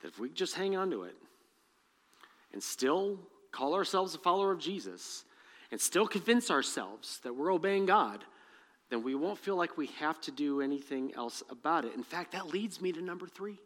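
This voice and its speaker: Animated high-voiced preacher in an echoey hall. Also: male voice, moderate pace. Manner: animated preaching with asides and humor; reads scripture aloud and acts out the dialogue. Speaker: pastor. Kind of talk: sermon.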